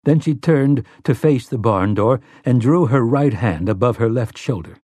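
Steady male audiobook narrator, dry sound. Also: mid-range voice, normal speed, breathy edge, dry recording. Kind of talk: scripted narration.

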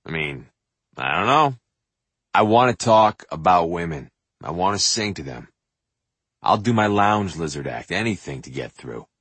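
A man with a deep, raspy voice reads his own memoir as an audiobook, full of swagger and cursing. His delivery swings widely up and down as he acts out bits of dialogue. The sound is close and bone-dry, like a vocal booth. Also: a little slow, no echo. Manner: animated and profane, acts out quotes and sings snippets. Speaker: memoir narrator.

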